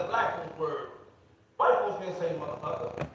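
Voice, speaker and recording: A man with a high-pitched voice tears through a profane stand-up routine, leaning on punchy repetition. His voice comes from well off the mic in a big echoing space, with a clear wash of noise underneath. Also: animated, moderate pace, a bit bright. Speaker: stand-up comedian. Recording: distant echoey playback with heavy noise.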